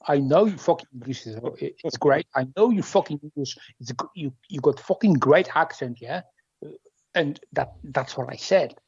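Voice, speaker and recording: A man speaking English in rough casual banter with friends, swearing freely and talking over the others. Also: on the high side, expressive, moderate pace, darkish tone, no room sound, muffled recording. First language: Polish.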